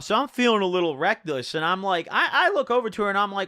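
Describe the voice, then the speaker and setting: Animated, profane young-sounding man storyteller. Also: high-pitched, brisk, no room sound, studio quality. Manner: profane, animated, lots of filler "like" and "dude". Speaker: YouTuber. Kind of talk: storytelling vlog.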